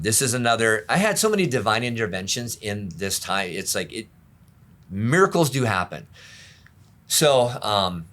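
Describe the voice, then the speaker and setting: A man's voice: low-pitched, fairly bright tone. A middle-aged man, a pastor, candidly recounting his past in an interview, open and self-deprecating. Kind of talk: candid storytelling in a conversation.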